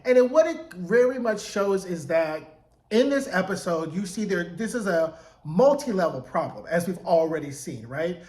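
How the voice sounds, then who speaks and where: High-voiced guy doing a chatty tv recap, animated, roomy echo. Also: moderate pace. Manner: chatty, animated, acts out character lines. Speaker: TV episode recapper. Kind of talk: casual recap commentary. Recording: echoey room.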